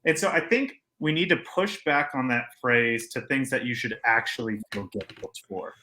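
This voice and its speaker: A man's voice: mid-range voice, normal speed. A man co-hosting a casual podcast, telling stories and ranting with jokes and acted-out quotes. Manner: animated storyteller acting out quotes; joking, opinionated. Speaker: podcast co-host.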